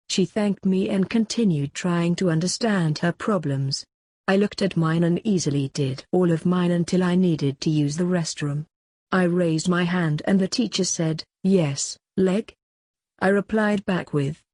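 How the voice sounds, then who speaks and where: A woman reading an amateur first-person audiobook in a plain, steady way. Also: fairly low pitch, no room sound. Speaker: audiobook narrator.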